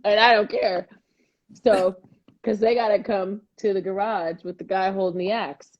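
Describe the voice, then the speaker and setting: A woman co-hosting a casual chat show, telling stories in a lively way and acting out the people she quotes. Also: mid-range voice, moderate pace. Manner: animated storytelling, acting out quoted dialogue. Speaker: podcast co-host. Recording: dull lo-fi audio.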